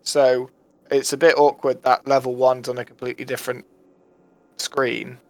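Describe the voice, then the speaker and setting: Flat-voiced man directing his game party. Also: mid-range voice, normal speed, dry recording. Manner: decisive, leads the group's plans. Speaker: player. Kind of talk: casual tabletop game chat.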